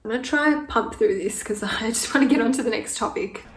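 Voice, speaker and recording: Doing her makeup for a get-ready-with-me Q&A, a woman in her twenties who vlogs about beauty talks openly and grows emotional, sometimes tearing up. She talks fast in a fairly high voice, recorded at a distance in an echoey room with slight background noise.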